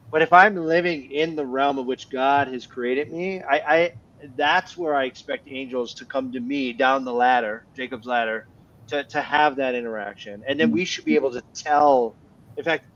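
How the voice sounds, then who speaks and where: A man's voice: mid-range voice, fairly bright tone. Earnest man telling a story, muffled audio. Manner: earnest, repeats words when restarting. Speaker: panel guest. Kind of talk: casual panel talk, storytelling.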